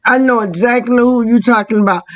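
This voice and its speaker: A host in casual chat, asking relaxed questions. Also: medium pitch, fairly quick, a crowd in the background, poor audio.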